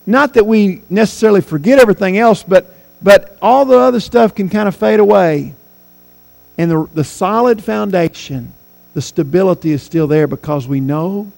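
A man preaching a sermon, rising on his key points and dropping low when he quotes scripture. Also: animated, normal speed, vocal fry, soft background music, low-quality recording.

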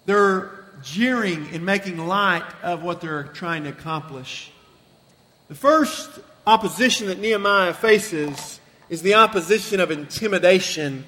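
A man preaching a sermon, his voice very high and bright, with a forceful edge. He draws out his phrases slowly and with emphasis. His voice carries a long reverb from the church hall. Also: expressive. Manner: slow, emphatic, drawn-out phrasing.

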